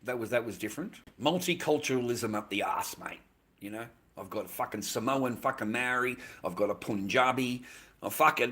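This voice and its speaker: A man's voice: mid-range voice, moderate pace, bright, forceful tone. An Australian man chatting casually on a livestream, rambling and swearing constantly, with "mate" in almost every line.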